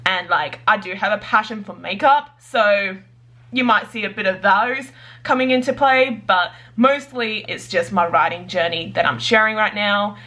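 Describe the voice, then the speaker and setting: A woman with a bright, sharp-edged voice talks casually to her camera about her writing. She is chatty and bubbly and scatters "like" through her sentences. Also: medium pitch, moderate pace. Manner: chatty and bubbly, full of "like" fillers. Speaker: writer vlogger.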